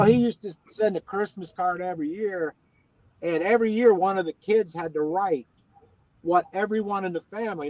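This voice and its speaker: A man's voice: high voice, no echo. Folksy rambling man from West Virginia. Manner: rambling folksy storyteller, many restarts. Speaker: guest, former ballplayer. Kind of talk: casual interview chat. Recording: dull, dry lo-fi audio.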